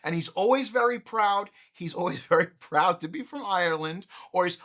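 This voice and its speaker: Male comedy film host, profane ranter, lively and expressive delivery. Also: high voice, moderate pace, few pauses. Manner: profane, ranting, frequently raising his voice. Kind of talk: comedic movie rant.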